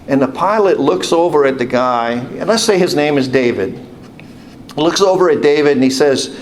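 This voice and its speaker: A man's voice: on the high side, lively intonation, moderate pace, slight background noise. A man, a deacon telling a rambling story in a homily and repeating "he said" as he goes. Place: church.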